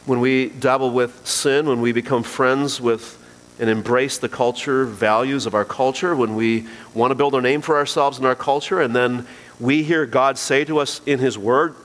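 Fairly even in intonation and fairly bright in tone, this pastor's mid-range voice keeps a moderate pace. He speaks directly and earnestly to his congregation, repeating key phrases for emphasis, and a long hall reverb fills the recording.

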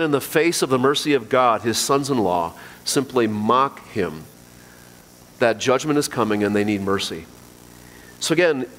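A man's voice: medium pitch, fairly bright tone. A man preaching a sermon to his congregation, earnest and emphatic, repeating key phrases. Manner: earnest, emphatic repetition, addresses congregation directly. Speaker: pastor. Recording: long hall reverb.

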